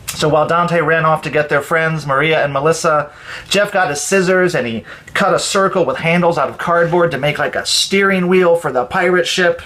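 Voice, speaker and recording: A man calmly and expressively reading a children's story aloud as storyteller. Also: a little high, moderate pace. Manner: calm, expressive read-aloud.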